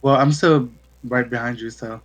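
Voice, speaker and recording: A man's voice: medium pitch, steady tone, moderate pace. A man playing a tabletop game, speaking in a hesitant, unsure way. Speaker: player.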